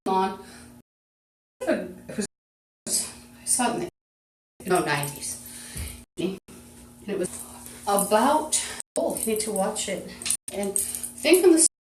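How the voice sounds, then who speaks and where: A woman talking on a phone live stream, rambling and jumping between topics, swinging from loud outbursts to muttering. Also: mid-range voice, roomy sound, recorded from a distance, rough recording. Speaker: livestreamer.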